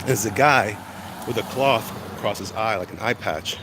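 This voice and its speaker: A man's voice: fairly low pitch, normal speed. A man vlogging while walking outdoors, chatty and rambling, congested in the chest and walking on sore legs. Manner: rambling, chatty, easily sidetracked. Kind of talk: casual walk-and-talk monologue. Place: outdoors, walking along urban streets. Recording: loud traffic noise outdoors. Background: passing cars and street ambience.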